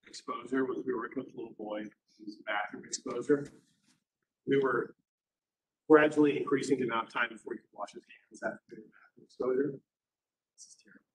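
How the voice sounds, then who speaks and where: A man, a university professor, telling stories in a casual classroom lecture, acting out the people in them in quick put-on voices. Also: medium pitch, a little hiss or hum, low-quality recording.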